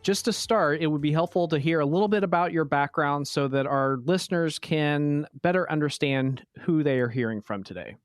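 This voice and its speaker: A man's voice: fairly high pitch, moderate pace, hardly any pauses, smooth, dry recording, clean studio sound. A man hosting a business podcast, introducing his guest and asking questions in a polished, composed way. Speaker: podcast host. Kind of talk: scripted intro, then interview questions.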